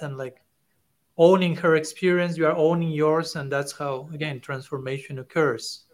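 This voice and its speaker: A man's voice: on the high side, steady tone, normal speed. A middle-aged man hosting a podcast interview who speaks thoughtfully and hesitantly, often repeating words. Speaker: podcast host, monk. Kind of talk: conversational interview.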